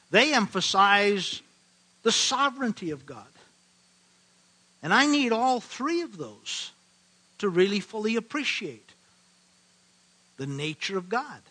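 An older man from the American Midwest preaching a sermon, earnest and emphatic, slowing to stress key phrases. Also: high-pitched, sharp tone, poor audio. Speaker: pastor.

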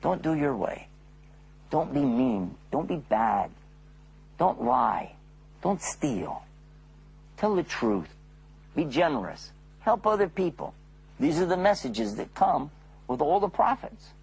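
A man narrating a religious story for children, often turning to his listeners with questions. His voice is gravelly and raspy, a bit high for a man, and it rises and falls with lots of life. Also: takes it slowly, long pauses. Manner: animated, asks the listeners questions.

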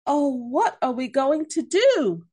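A woman voicing a jittery male pig who yells in panic while reading a picture book aloud. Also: high voice, sing-song, slow pace, voice pushed up, exaggerated voice. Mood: panicky. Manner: yelling, panicky.

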